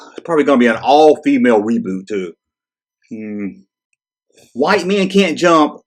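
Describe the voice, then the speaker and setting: A man's voice: medium pitch, animated, measured pace. A man hosting his channel, reading through a list and reacting with exasperated, sarcastic commentary and frequent swearing. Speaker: channel host. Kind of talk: casual ranting commentary.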